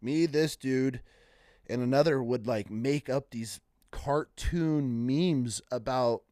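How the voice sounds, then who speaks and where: A man in relaxed casual chat, speaking loosely with fillers and curse words. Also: mid-range voice, slow, no echo, clean studio sound. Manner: relaxed, profane, filler-heavy talk.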